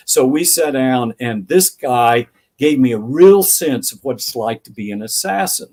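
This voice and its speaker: An older man speaks as an interviewed author at an ordinary mid pitch. He answers thoughtfully and tells anecdotes, acting out remembered dialogue along the way. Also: expressive, moderate pace, darkish tone. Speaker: author guest.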